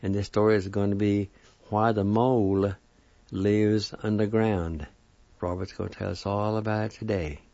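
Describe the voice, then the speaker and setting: Male host, low voice, dry close sound, dull lo-fi. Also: steady tone, dark tone, no room sound. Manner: slow, welcoming introductions.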